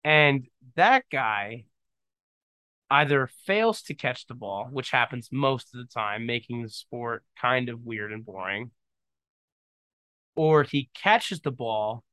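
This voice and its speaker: Bright, crisp young man rambling. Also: mid-range voice, dry recording. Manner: rambling, jokey, goes off on tangents. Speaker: podcast host. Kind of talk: casual solo podcast chat. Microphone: studio microphone, on camera.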